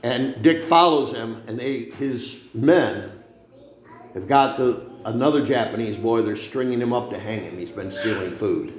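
A man preaching a sermon, telling a war story with dramatic swings between loud lines and hushed ones. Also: mid-range voice, unhurried, reverberant.

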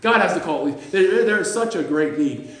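A man's voice: sits high, lively intonation, fairly quick, fairly bright tone. A man preaching a sermon, emphatic, repeating phrases and restarting often, reading scripture in old-fashioned wording. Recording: echoey church hall.

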